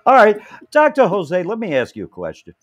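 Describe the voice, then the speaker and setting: A man's voice: high-pitched, huge pitch swings, brisk, muffled recording. A man hosting a casual talk show, rambling and joking, often restarting his sentences. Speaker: host. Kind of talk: casual chat.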